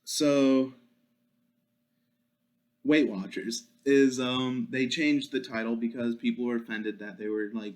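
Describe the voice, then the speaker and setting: A young man talks alone into a podcast mic in a crude, joking rant full of profanity. His voice sits at an ordinary mid pitch. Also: steady tone, takes it slowly, long pauses, a little mellow. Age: young adult. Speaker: podcast host. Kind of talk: solo podcast monologue.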